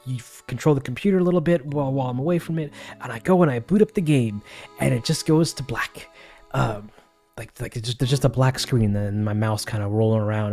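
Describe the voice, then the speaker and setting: A man's voice: medium pitch, darkish tone. A man on his own livestream, telling a rambling story in a casual way, full of restarts and acted-out quotes.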